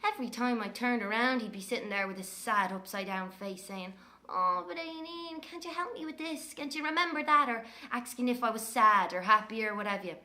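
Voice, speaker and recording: An actress playing a sharp-tongued, brash young Irish woman telling stories in an audio drama monologue. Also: mid-range voice, a little fast, few pauses, close to an everyday voice. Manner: brash, scornful, lively storytelling.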